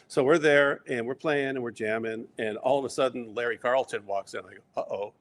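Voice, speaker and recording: A middle-aged man telling long, rambling stories in a relaxed interview, acting out quoted lines along the way. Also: mid-range voice, brisk. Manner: rambling anecdotes with quoted asides. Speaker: interview guest. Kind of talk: casual storytelling.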